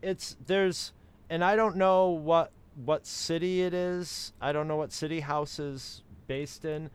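Smooth-voiced American man chatting. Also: on the high side, fairly even intonation, a little slow. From United States. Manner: rambling, with many restarts and impressions of other accents. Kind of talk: casual chat.

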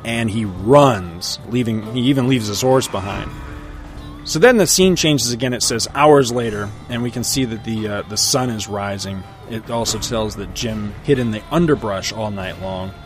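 Middle-aged man, comic recap, relaxed storyteller, lowish voice, faint music behind. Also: moderate pace. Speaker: comic book reviewer. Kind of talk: casual comic book recap.

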